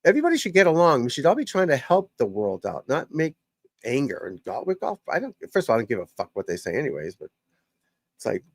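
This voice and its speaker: A man's voice: mid-range voice, big pitch swings, a little fast, vocal fry, breathy edge, no room sound. An older man, a golf coach, hosting a casual live stream and talking bluntly and profanely, rambling from one thought to the next.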